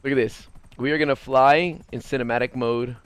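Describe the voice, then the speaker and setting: A man streaming a video game, chatting casually with his viewers in a low, mumbly voice and swearing now and then. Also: fairly even intonation, a little fast, clean tone. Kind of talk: casual gaming stream chat.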